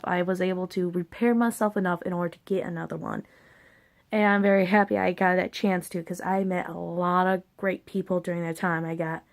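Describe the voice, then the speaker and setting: Woman vlogger, mid-pitched, loose and rambling storytelling, blunt and candid, swears casually. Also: creaky.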